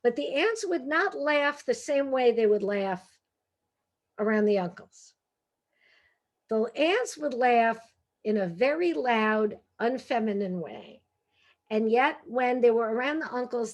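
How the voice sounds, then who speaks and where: A middle-aged woman with a Brooklyn accent, an author and humorist telling comic stories over a video call in a lively, chatty way full of asides. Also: a little high, measured pace. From Brooklyn, New York. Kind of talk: comic storytelling talk.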